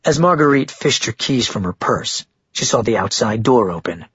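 An audiobook narrator with a husky, medium-pitched voice reads a novel as scripted narration, keeping it even and measured. The recording is dry and dull, lo-fi, with no room sound.

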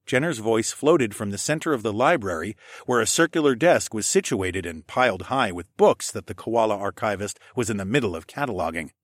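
Man, low voice, first-person audiobook narrator, lively playful dialogue, dry studio sound. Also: fairly quick, no echo.

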